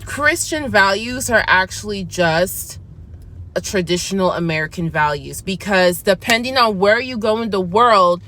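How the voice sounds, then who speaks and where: A woman's voice: mid-range voice, lively intonation, a little slow, pushed and bright. A woman vlogger talking candidly in a casual chat review, acting out her side of conversations as she tells them. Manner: chatty and candid, acts out her side of dialogues.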